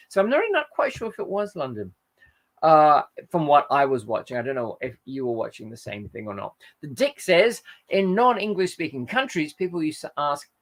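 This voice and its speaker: A man's voice: on the high side, fairly bright tone. A man hosting a live stream, chatting casually and reading out viewer comments, rambling and often correcting himself mid-sentence. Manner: rambling, frequent self-corrections and fillers. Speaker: host.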